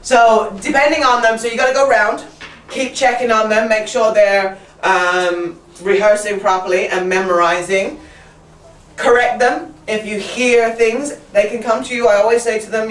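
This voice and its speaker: A woman's voice: a little high, fairly even intonation, normal speed. A woman training teachers in a casual workshop talk. She laughs often and mimics her pupils' voices as she explains. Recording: roomy sound from a distant mic, faint room noise.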